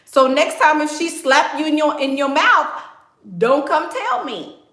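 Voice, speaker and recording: A no-nonsense father, as a woman puts him on, pitched up high and blunt. The voice sounds bright and forceful. It carries an echoey room sound. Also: lively intonation, unhurried. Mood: dismissive. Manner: blunt, matter-of-fact. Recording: roomy echo.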